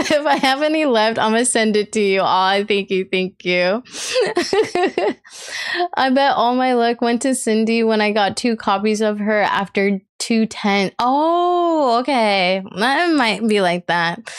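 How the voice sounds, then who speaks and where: A woman streamer chatting casually on a live stream, excitable and quick to gasp and laugh. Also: mid-range voice, clear, resonant tone.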